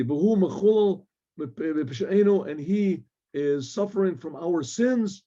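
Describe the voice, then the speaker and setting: A male rabbi teaching a Torah class, quoting Hebrew verses and explaining them in English, often clearing his throat. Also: on the high side, warm tone, highs cut off.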